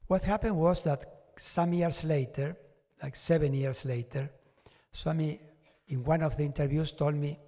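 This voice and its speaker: A man's voice: on the high side, unhurried. Man telling a story in a hall. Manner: animated storytelling with chuckles and acted-out quotes. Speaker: devotee giving a testimony. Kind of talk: personal storytelling talk to an audience. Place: large devotional hall. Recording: long reverb of a hall.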